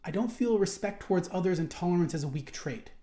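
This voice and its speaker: A man's voice: high voice, lively intonation, quick pace, dark tone. A man reading out forum posts and answering them in an indignant, rambling rant, restarting his sentences and swearing often. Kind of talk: ranting commentary while reading forum posts aloud. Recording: roomy echo.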